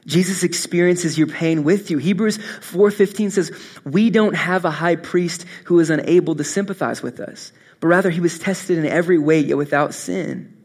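Earnest young male pastor, higher voice. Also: normal speed. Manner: earnest, swings from soft to impassioned. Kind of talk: sermon.

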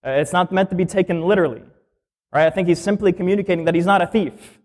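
A man's voice: high voice, steady tone, fast talker, darkish tone. A male minister giving a sermon in a conversational teaching style, explaining scripture plainly and asking the listeners questions.

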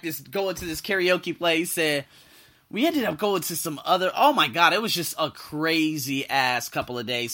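Guy with a high bright voice telling a story, acts out everyone he quotes, gets loud then drops low. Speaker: vlogger telling a personal story. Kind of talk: casual storytelling.

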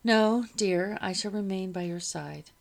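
A woman reading aloud, voicing an indignant, imperious lady of a colonial household, with a low gravelly voice. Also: a little slow. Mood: cool. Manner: imperious, affronted.

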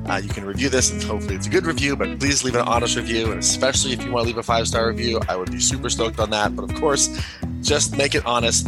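A podcast host, a man, giving a relaxed, earnest outro appeal to his listeners. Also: lowish voice. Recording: loud guitar music under the voice.

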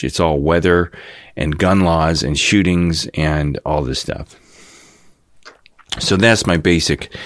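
A man's voice: extremely low pitch, no echo, clean studio sound. A man in his fifties, from the Cleveland area, ranting in a cynical, rambling casual monologue as host of his own channel. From Cleveland, Ohio area. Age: 50s. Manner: cynical, rambling, mocks folksy TV voices.

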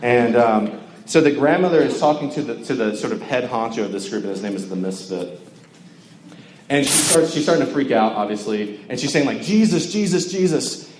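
Preaching conversationally to campus listeners, this young man from Georgia has a medium-pitched voice with lively intonation and a brisk pace. He jokes and uses plenty of fillers, heard in an echoey hall with faint ambience and background noise.

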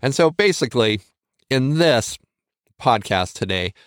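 A man's voice: medium pitch, animated, measured pace, no echo, studio quality. Earnest man coaching listeners. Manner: earnest, coaxing, rambling with many restarts. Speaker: motivational podcast host. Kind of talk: encouraging podcast talk.

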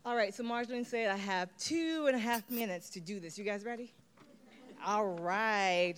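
A woman's voice: mid-range voice, moderate pace, clear, resonant tone. A woman giving a motivational award acceptance speech, leading her listeners in call-and-response chants.

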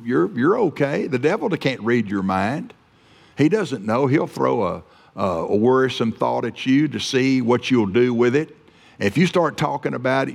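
A man's voice: on the low side, creaky. A man preaching a sermon, earnest, often repeating and restarting his words. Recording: long reverb of a hall.

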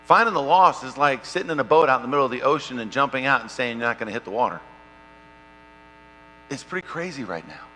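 Guy preaching a sermon, storytelling, loud then quiet, long echo, bit of hum. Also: mid-range voice, fast talker. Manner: animated storytelling, swings from loud to hushed. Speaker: pastor. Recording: long hall reverb, faint mains hum.

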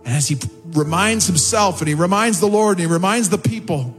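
A man preaching a sermon as a pastor, impassioned and rising in pitch on prayers and quotes, with faint music behind. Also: expressive, fairly quick. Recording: long hall reverb with faint music behind. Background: soft music.

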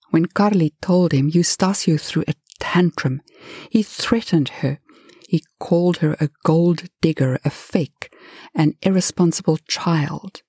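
A woman narrating a story in a lively, dramatic storytelling manner. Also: low-pitched, slightly rough, dry recording, studio quality.

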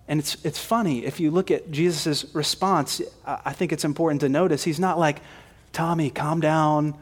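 Brief: male preacher, conversational and emphatic sermon delivery, slightly high voice, asks rhetorical questions. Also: a little fast, slightly rough. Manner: conversational, emphatic, frequent repeats.

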